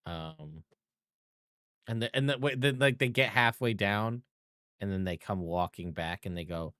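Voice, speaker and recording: A man narrating as game master of a tabletop game, chatty and animated. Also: fairly low pitch, a little slow, clean tone, no echo, studio quality.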